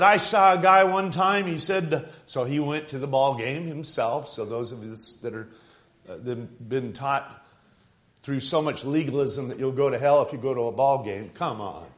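Man, preacher, sermon, fervent, somewhat high voice, rising to shouting.

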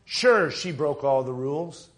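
A male preacher delivers a fervent sermon with a voice pitched somewhat high. He moves between low, intimate stretches and surges of near-shouted passion as he calls out to his congregation during a church service. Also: animated, unhurried.

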